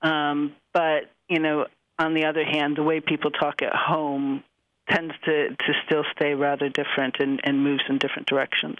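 A man, a linguistics professor, answering interview questions in a measured, explanatory way with frequent ums. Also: fairly high pitch, monotone, dry recording, muffled recording. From United States.

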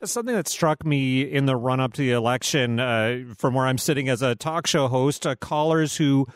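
A man's voice: mid-range voice, moderate pace, dry recording, studio quality. A man hosting a radio talk show, asking long conversational questions with frequent hesitations. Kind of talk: radio interview.

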